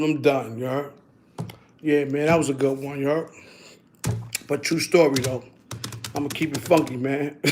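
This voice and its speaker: Loud laughing man on a livestream. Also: fairly high pitch, slight background noise. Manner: loud, laughing, street slang, talks to chat. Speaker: livestream host. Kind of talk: casual livestream chat.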